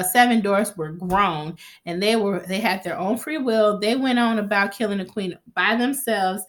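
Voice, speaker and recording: A woman in a casual vlog recap talks through a TV episode. Her voice sits at a middle pitch, and she is chatty and profane. She slips into the characters' lines as she goes. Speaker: TV recap vlogger.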